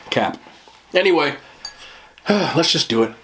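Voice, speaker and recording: A man's voice: fairly high pitch, heavy background noise. A man with a New Jersey accent doing a casual food review, blunt, profane and joking.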